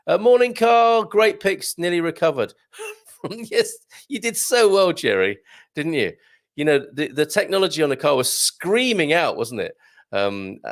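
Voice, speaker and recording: A man's voice: mid-range voice, gravelly. A middle-aged man hosting a casual livestream chat and reading out viewer comments, chatty and given to laughing. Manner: chatty, animated, laughs often, reads comments aloud.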